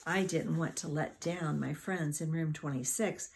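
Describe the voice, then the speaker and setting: A woman reads a children's chapter book aloud, taking her time over every sentence. Her low voice has a heavy gravelly fry, and her pace is very slow and deliberate. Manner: unhurried, expressive reading. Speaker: teacher reading aloud. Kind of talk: storybook read-aloud.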